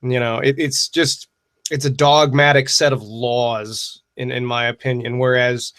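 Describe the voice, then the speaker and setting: A man's voice: medium pitch, level tone, unhurried, a bit bright, clean tone. A man hosting a casual livestream Q&A, talking in a rambling, profane and wry way. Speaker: livestream host answering viewer questions.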